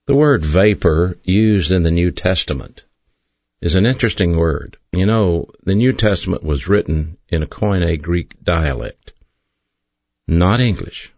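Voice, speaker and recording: A man preaching an earnest sermon as pastor, stressing key phrases slowly. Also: deep voice, animated, darkish tone, no room sound, muffled recording. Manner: earnest, emphatic preaching with slow drawn-out stresses.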